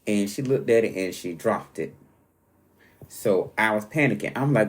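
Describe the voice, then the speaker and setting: A man hosting his own podcast, telling stories in a rambling, animated, casual way with sudden jumps in pitch. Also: normal speed. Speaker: podcast host. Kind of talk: casual solo podcast monologue.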